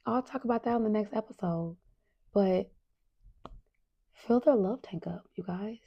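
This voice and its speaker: A middle-aged woman hosting a parenting podcast in a casual, earnest monologue. She often asks "right?", calls her listeners "you guys", and sometimes drops to a soft whisper for emphasis. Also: medium pitch, a little slow, creaky, breathy edge, dull audio.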